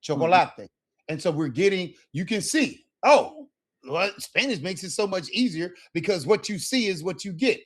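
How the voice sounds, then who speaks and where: A man whose first language is English, teaching a Spanish class in a lively, upbeat way and checking in with "right?" and "okay?". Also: high voice, moderate pace, few pauses. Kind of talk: classroom lesson.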